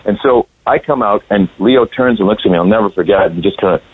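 A man guest in a podcast interview, telling a story earnestly and haltingly, with many restarts. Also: on the low side, husky. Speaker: actor guest. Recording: tinny phone-like line.

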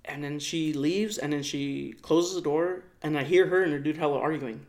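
Young guy, a bit high-pitched, casual rambling storyteller, heavy swearing. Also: normal speed. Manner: rambling, swears a lot, lots of "like". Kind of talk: casual chat.

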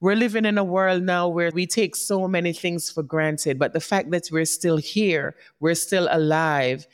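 A woman's voice: lowish voice, a little slow. A woman hosting a podcast who gives a heartfelt motivational talk. She speaks straight to her listeners and often checks in with "right?". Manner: warm encouraging, speaks directly to listeners, often asks "right?". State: tearing up. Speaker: podcast host.

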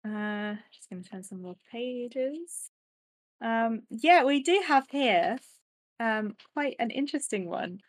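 A woman co-hosting a casual chat, giggling often and filling pauses with ums. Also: on the high side, expressive. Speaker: podcast co-host.

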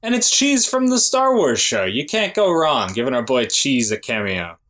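A man's voice: medium pitch, sing-song, moderate pace, fairly bright tone. Agreeable man co-hosting a podcast. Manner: agreeable, laughs along, argues points in order. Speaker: podcast co-host. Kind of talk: casual chat.

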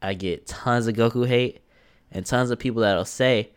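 A man's voice: medium pitch, normal speed, smooth. A man co-hosting a casual chat, talking bluntly in slang, cursing and laughing often. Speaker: podcast co-host.

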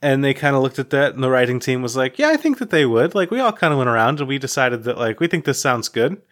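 A man's voice: mid-range voice, fast, fairly bright tone. A man co-hosting a podcast in casual chat, telling long rambling anecdotes full of "like" and restarts, laughing as he talks. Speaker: podcast co-host.

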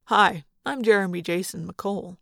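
A woman doing a smooth teen heartthrob. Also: mid-range voice, moderate pace, no echo, clean studio sound, voice pushed down, close to an everyday voice. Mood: friendly. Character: smooth young male teen star.

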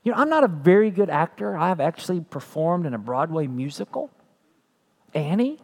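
A man's voice: a little high, big pitch swings, fairly quick. A man preaching a sermon as pastor, earnest, repeating phrases and building to emphatic peaks.

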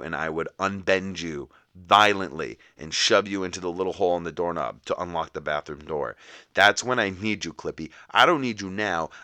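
A man's voice: sits low, pushed and bright, smooth, no room sound. A young man hosting a podcast, ranting in mock outrage about small annoyances. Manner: exasperated, mock-indignant ranting. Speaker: podcast host. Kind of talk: comic solo rant.

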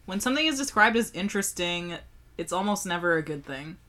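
A young woman in casual chat over a beer tasting, wry and quick to laugh, swearing now and then. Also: on the low side, expressive, pushed and bright. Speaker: co-host.

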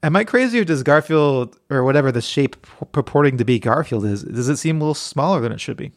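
A man with a mid-pitched, strongly gravelly voice co-hosts a loose podcast chat. He jokes in a deadpan way and often stammers and restarts his sentences. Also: quick pace. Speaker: podcast co-host. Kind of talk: casual chat.

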